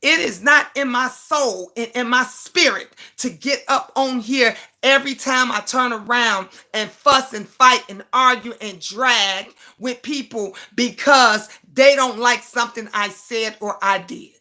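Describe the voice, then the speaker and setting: A woman's voice: on the high side, unhurried, sharp tone. Brassy, emphatic older woman host. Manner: blunt, emphatic, repeats words, reads viewer comments. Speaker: livestream host. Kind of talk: casual livestream talk.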